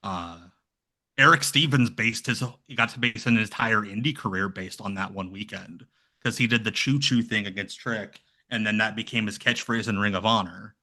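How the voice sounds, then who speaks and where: A man chatting casually as a podcast guest, rambling and slipping into lively impressions of other people. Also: fairly low pitch, moderate pace. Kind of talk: casual chat.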